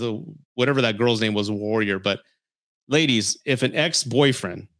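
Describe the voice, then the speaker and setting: This podcast host has a medium-pitched, fairly bright voice. On his laid-back dating-advice show he rants without filters, cursing a lot, laughing frequently, and scolding with real heat.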